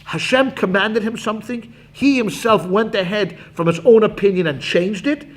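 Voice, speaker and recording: A man teaching a Talmud class as a rabbi, animated and acting out quotes, quick asides to his students. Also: high voice.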